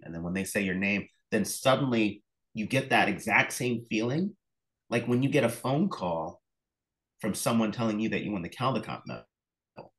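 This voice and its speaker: A middle-aged man with a fairly low voice speaks casually as an interview guest. He tells stories with plenty of fillers and restarts, and he acts out phone calls and reactions with sudden bursts of energy. He sounds like he is on a remote call. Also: fairly bright tone, rough recording. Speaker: author and illustrator, interview guest.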